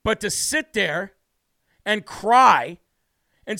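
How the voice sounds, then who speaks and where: Brash, high-voiced American man ranting. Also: moderate pace, pushed and bright, clear, resonant tone, dry recording. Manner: brash, heated, mocking mimicry. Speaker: political talk show host. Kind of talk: opinionated political commentary.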